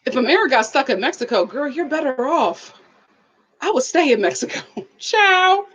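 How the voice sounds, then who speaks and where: A woman's voice: high voice, a little fast, breathy edge, dull audio. A woman hosting a live review stream, chatting casually with viewers and reading their comments aloud in a playful way with frequent laughs. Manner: animated and playful, laughs often.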